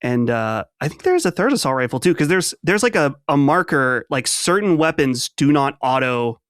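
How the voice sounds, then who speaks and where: Man, podcast co-host, smooth clear voice, plain explainer, dry mic. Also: fairly high pitch, big pitch swings, normal speed, a bit bright, no room sound. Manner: short backchannels, plain explaining. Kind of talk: casual chat.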